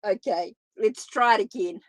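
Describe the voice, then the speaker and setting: A woman's voice: mid-range voice, moderate pace, no room sound. A woman doing a live tarot reading, talking in a chatty, informal way straight to her viewers. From New Zealand. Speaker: tarot reader.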